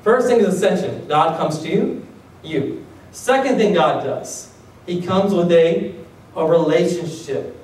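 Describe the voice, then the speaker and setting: A pastor preaches in a church sanctuary with a high, expressive, darkish voice and an unhurried delivery, constantly posing rhetorical questions to the congregation and acting out the voices of people in his stories. The room echoes and the mic is far off.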